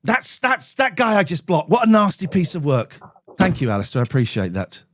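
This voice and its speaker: A man's voice: high voice, wildly swooping pitch, a little fast, a bit bright. A man hosting a live call-in stream, brash and sweary, bantering with callers.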